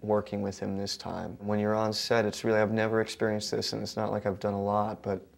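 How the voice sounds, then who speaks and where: A man's voice: on the low side, little pitch movement, a little fast, creaky. A young male actor talking casually and thoughtfully in an interview, earnest with small hesitations.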